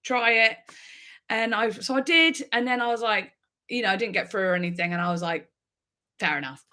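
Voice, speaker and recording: A woman's voice: a little high, fast talker, bright, forceful tone. A woman, a music reaction YouTuber, chatting casually and rambling on a livestream, laughing often.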